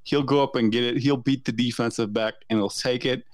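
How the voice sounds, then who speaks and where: A man's voice: mid-range voice, steady tone, fairly quick, dry recording. A man discussing football draft picks as a podcast guest, confident and argumentative. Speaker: NFL editor, podcast guest. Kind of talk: sports analysis chat.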